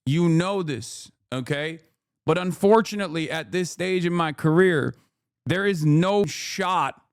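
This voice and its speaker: Excitable, mocking male streamer. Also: high-pitched, clear, resonant tone, no echo, studio quality. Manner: animated and mocking, with sudden incredulous outbursts. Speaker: livestream host. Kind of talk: live streamer reacting to news.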